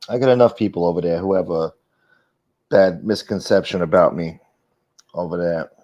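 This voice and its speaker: A man with a lowish, mellow voice rants on his livestream, defensive and aggrieved, swearing freely. The audio is dull and lo-fi, like a home stream. He talks casually to his chat. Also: moderate pace. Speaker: livestream host.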